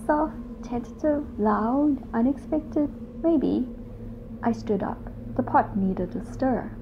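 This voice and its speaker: A woman narrating a first-person audiobook story in a wry, lively way. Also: high voice, slow pace, creaky. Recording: dull lo-fi with loud noise.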